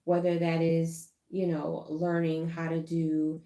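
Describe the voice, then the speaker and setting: A woman's voice: sits low, completely flat delivery, slow, dark tone, roomy sound. A young adult woman co-hosting a channel, talking casually to viewers in a thoughtful, hesitant way with many fillers. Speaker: co-host.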